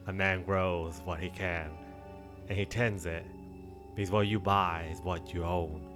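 A grim old New England man , as a man puts him on, drawls dark advice slowly and ominously. The voice sits low, and faint music plays behind it. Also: fairly even intonation.

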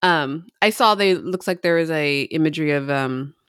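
A woman's voice: deep voice, normal speed, a bit bright, clear, resonant tone, no echo, studio quality. A woman co-hosting a casual podcast, rambling and hesitant with many fillers as she thinks aloud. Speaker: podcast co-host. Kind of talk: casual chat.

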